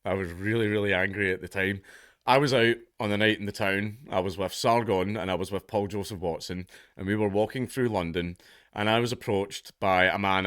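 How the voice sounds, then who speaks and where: Sardonic Scottish man, lowish voice. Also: a bit bright, no room sound, clean studio sound. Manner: sardonic, ranting, swears freely. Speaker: commentator. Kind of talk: casual commentary.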